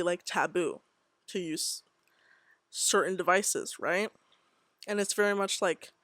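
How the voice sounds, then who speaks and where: A woman's voice: mid-range voice, fairly bright tone, no echo. A young woman in her twenties telling a personal story in a rambling, casual way, full of "like" and frequent laughter. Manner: rambling, heavy use of filler "like", frequent laughs. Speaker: vlogger. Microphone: decent USB mic on tripod setup.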